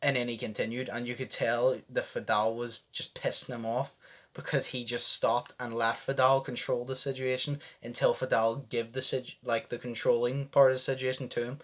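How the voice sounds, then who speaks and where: A young man from the UK giving a casual, excitable reaction commentary full of swearing. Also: medium pitch, normal speed. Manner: animated, heavy swearing, fired up. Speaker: vlogger reacting to press conferences.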